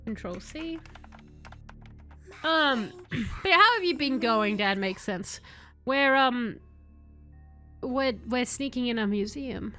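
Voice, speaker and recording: Bright-voiced woman streaming. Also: a little high, takes it slowly, pauses often, soft background music. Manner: chatty, rambling, bursts of excited yelling. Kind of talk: casual let's-play chat with viewers.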